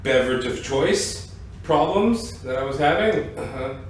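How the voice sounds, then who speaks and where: A man's voice: medium pitch, expressive, a little slow. A man telling a rambling, profane comic story, recorded at a distance in an echoey room with faint noise. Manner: profane, rambling, keeps saying "ladies and gentlemen". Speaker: comedian. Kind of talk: rambling stand-up rant.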